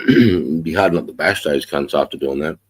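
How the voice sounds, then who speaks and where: This is a deep-voiced man chatting on a livestream, congested and clearing his throat between laid-back, sweary remarks. His voice sits very low and is recorded dry and close, with no room sound. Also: moderate pace, dry recording, poor audio. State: congested from a head cold. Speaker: livestream host. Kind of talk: casual chat.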